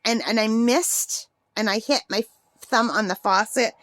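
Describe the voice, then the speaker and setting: A woman's voice: a little high, a little slow, a bit bright, no room sound. A middle-aged woman talking casually and rambling as she works on a craft vlog, laughing often. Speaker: craft vlogger.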